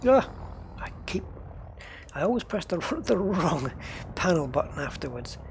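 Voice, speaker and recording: Gravelly man chatting through his gameplay. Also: on the high side, very animated, measured pace, background noise. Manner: chatty, talks to himself and the game, chuckles often. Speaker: gamer narrating his play. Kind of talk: casual gameplay commentary.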